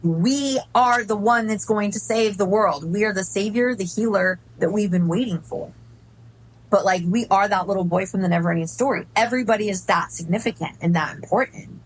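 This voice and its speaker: A woman in her forties chatting casually as a podcast guest, an effusive and animated storyteller. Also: medium pitch, fairly quick, rough recording. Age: 40s. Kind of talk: casual spiritual chat.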